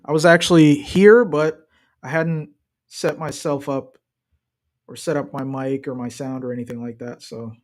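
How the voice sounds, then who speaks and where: Young man, casual stream chatter, jokey trash talk, fairly high voice. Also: fairly even intonation, normal speed. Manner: loose, joking, trash-talking. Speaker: streamer watching a match. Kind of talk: casual live-stream commentary.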